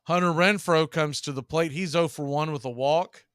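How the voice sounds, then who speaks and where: Bright-voiced man calling baseball play-by-play. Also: a little high, moderate pace, clear, resonant tone, no echo, clean studio sound. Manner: excitable on big plays, chuckles at the action. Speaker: play-by-play announcer. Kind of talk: live baseball commentary.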